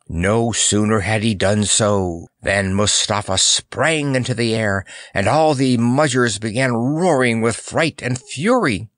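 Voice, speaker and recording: A man's voice: on the low side, slow, few pauses, a bit bright, no room sound, clean studio sound. A man narrating a children's fantasy audiobook in a storytelling style. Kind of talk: scripted narration.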